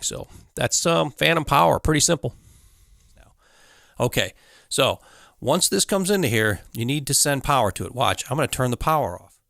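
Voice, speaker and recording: A man's voice: medium pitch, gravelly, a bit bright, dry recording. A man teaching live sound basics in a casual hands-on tutorial, talking loosely with fillers and small laughs, on a studio condenser mic in a home studio. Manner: loose, conversational, full of fillers and little laughs. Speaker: audio engineering instructor. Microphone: studio condenser mic through a mixer.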